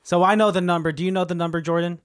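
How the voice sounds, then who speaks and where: A man's voice: high voice, steady tone, racing. A man co-hosting a casual podcast in a studio, teasing and joking through the banter. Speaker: podcast co-host.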